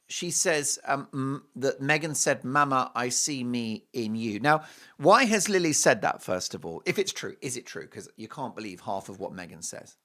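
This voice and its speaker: A man's voice: a little high, sharp tone. A man hosting an opinionated commentary show, speaking in a scornful, sarcastic and emphatic way. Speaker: host.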